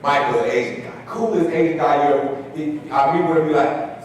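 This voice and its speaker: A man's voice: a little high, a little fast, a little hiss or hum. A man giving a talk, telling a personal story and acting out the voices of the people in it. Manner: animated storyteller acting out dialogue. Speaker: speaker. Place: large hall. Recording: echoey hall recording from far off.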